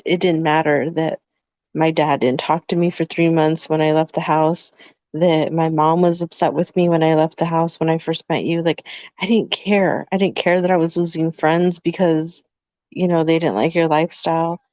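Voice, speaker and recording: A woman with a somewhat low voice speaks reflectively on a podcast and fills her speech with "like". She sounds middle-aged. The sound is dry and a little dull and lo-fi. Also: little pitch movement, normal speed, darkish tone, no echo. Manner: reflective, filler-heavy with frequent "like". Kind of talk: casual podcast conversation.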